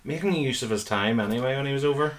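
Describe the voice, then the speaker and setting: A man's voice: medium pitch, fast. A man co-hosting a casual chat, mostly chiming in with short agreement. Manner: brief agreeing interjections. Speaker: podcast co-host.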